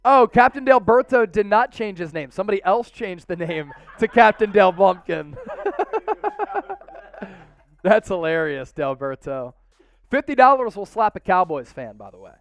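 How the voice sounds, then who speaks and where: A man with a Philadelphia accent hosting a casual live sports stream, excitable and hyping viewer donations with loud outbursts. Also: high voice, clean tone, dry recording. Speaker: sports show host.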